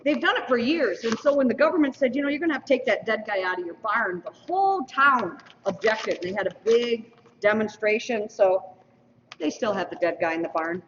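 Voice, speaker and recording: A woman hosts a school mock election with playful, teasing asides. Her voice swings lively and rather high. The stream is dull and lo-fi, caught from well off the mic in a long-echo hall. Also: a little fast, far from the mic, a little hiss or hum. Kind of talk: lively announcing to an audience.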